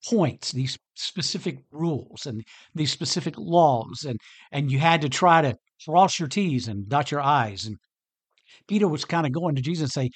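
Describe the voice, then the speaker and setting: A man hosts a casual Bible talk podcast with a husky, slightly raised voice. His pitch rises and falls a lot as he reads and chats. He often restarts his sentences in an animated, easygoing way. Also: normal speed. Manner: chatty, animated, frequent restarts. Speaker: podcast host.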